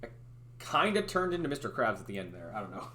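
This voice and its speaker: A man's voice: fairly low pitch, sing-song, quick pace, sharp tone. Rambling young man streaming live. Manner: rambling, hesitant, full of fillers and restarts. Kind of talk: casual livestream chat. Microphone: headphones with a desk mic.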